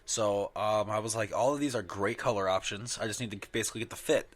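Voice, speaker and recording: A man's voice: lowish voice, quick pace. A young man in casual podcast banter, swearing freely and mimicking people in mocking voices. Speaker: podcast co-host.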